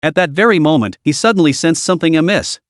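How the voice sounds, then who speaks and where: Man narrating a story recap, higher voice. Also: quick pace, no room sound, clean studio sound.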